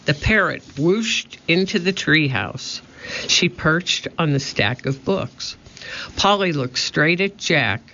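Man, children's storybook narrator, slow, bright, muffled. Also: a little high, slight background noise. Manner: steady, expressive reading. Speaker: audiobook narrator. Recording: muffled lo-fi audio.

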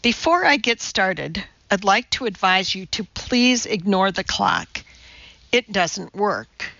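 A woman's voice: medium pitch, lively intonation, slow, vocal fry, bright, forceful tone, dry recording, lo-fi sound, full character voice. A woman voicing a blunt, serious woman who hosts a cooking show, speaking sternly and directly.

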